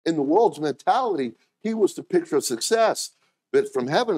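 A man preaching a sermon as pastor, telling stories and acting out quoted voices with sudden jumps in pitch. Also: expressive, a little fast, a little mellow, slightly rough.

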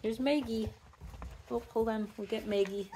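A woman's voice: steady tone, moderate pace, background noise. A woman dog breeder chatting casually on her vlog while showing her puppies in their indoor pen, cooing at them now and then. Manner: chatty, coos at the puppies in a high baby voice.

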